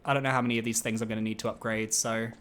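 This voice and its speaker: A man streaming a video game who chats casually, gets excitable, swears freely and drifts into rambling asides. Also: on the low side, racing, faint music behind. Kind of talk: casual gameplay commentary.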